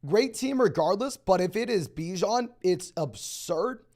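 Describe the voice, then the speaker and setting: A young man hosting a live stream, answering viewer questions in a rapid, auctioneer-like delivery. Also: high voice, animated, a little mellow. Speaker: fantasy football host.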